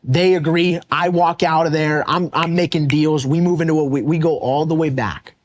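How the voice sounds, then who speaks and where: A young man with a slightly high voice talks through his own story on a podcast. He is blunt and animated, and drops curse words freely as he goes. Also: normal speed. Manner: animated and blunt, swears often. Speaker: podcast guest, real estate wholesaler. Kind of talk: casual interview storytelling.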